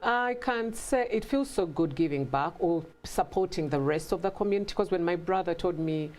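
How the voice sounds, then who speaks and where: A woman's voice: fairly low pitch, normal speed. Middle-aged African-British accented woman, storytelling. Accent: African mixed with British. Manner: lively storytelling, acts out quoted voices. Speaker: guest. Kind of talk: conversational interview.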